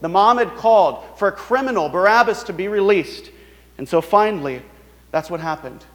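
A man's voice: lively intonation, normal speed, a bit bright, in a large hall. A man preaching a sermon in an earnest, emphatic way. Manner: earnest, emphatic preaching, voices the mockers in a higher sneering tone. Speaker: pastor.

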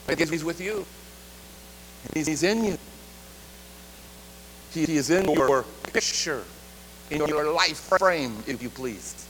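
A man preaching a sermon, leading the congregation in call-and-response and shifting between loud and quiet delivery. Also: on the high side, slow, long pauses. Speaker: pastor. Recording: reverberant hall, faint hum.

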